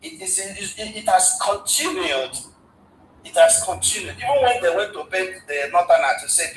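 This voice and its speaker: A man's voice: high-pitched, expressive, a little fast, roomy sound, slight background noise, poor audio. A man, a guest in a casual discussion, who stumbles and repeats words as he retells history at length. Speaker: guest commentator.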